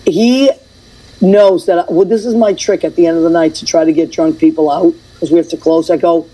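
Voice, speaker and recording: A woman hosts a relaxed radio chat, telling lively stories and acting out what people said. Her voice is mellow and a little husky. She talks the way friends do over a table. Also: lowish voice, a little fast, rough recording. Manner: animated storyteller, acts out quotes. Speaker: host.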